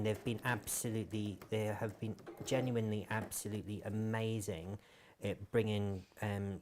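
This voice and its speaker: A Scottish man who is a guest on a casual craft live stream, talking haltingly with lots of ums and restarts. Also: fairly low pitch, slight background noise. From Scotland.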